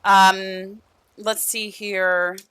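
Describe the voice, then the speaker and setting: A woman's voice: mid-range voice, flat delivery, drawn-out words, a bit bright, clear, resonant tone, dry recording. A young woman streaming a life-sim game, chatting affectionately with viewers and her characters, losing her voice. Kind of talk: casual gameplay stream chat.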